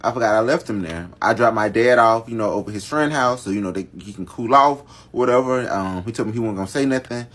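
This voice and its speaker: A man's voice: lowish voice, fast talker, hardly any pauses, fairly bright tone. A man telling a long family story in casual storytime fashion, dramatic and talking straight to his viewers. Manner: dramatic, addresses viewers directly. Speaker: storytime vlogger.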